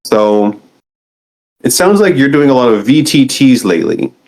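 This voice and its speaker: A man's voice: mid-range voice, sing-song, moderate pace, darkish tone, rough recording. A man hosting an interview, encouraging and affirming his guest's answers. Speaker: host. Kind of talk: casual interview.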